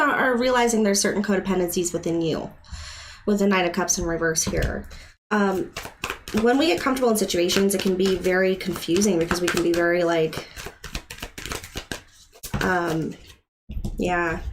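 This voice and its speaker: A woman's voice: lowish voice, noisy background. A woman doing a live-stream tarot reading, chatty and emotional, talking straight to her viewers. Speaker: tarot reader.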